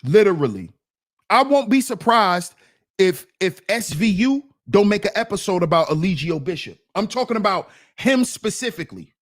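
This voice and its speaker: A man's voice: high voice, moderate pace, dry recording, clean studio sound. A man hosting his own channel, giving casual commentary on a clip in an emphatic way, often saying "see". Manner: animated, emphatic, repeats "see". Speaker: commentary host.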